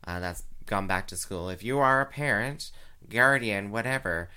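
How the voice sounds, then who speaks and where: A man doing drag, hosting a chat show, talking casually with many fillers and giggles, and jumping into high sing-song voices. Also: moderate pace, sharp tone, clear, resonant tone. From Canada. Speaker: drag queen radio show host. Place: home, recorded live.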